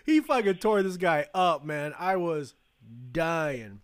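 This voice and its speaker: Man, podcast host, casual chat, slightly high voice, rambling, swears a lot, dry sound. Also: expressive, takes it slowly, clear, resonant tone, no room sound. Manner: rambling, profane, lots of fillers and restarts.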